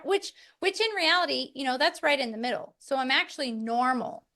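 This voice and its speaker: A woman co-hosting a family podcast in casual chat, talking in a lively way and laughing easily. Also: high voice, fairly quick. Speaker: podcast co-host.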